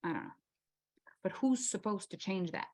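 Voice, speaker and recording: A woman's voice: medium pitch, animated, moderate pace, a little mellow. Impassioned woman leading a masterclass. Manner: impassioned, rhetorical questions, acts out inner voices. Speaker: masterclass host. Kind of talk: motivational workshop talk.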